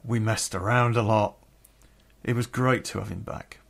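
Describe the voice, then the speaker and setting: A man's voice: on the low side, fairly even intonation, normal speed, vocal fry. A middle-aged man telling a personal story on a podcast, candid and rambling, swearing freely.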